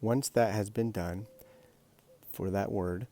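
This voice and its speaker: A man with a very deep, low-pitched voice teaches a language lesson. He walks through each step of the exercise patiently and plainly, like a teacher at a whiteboard. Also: steady tone, slow, warm tone. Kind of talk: instructional explanation.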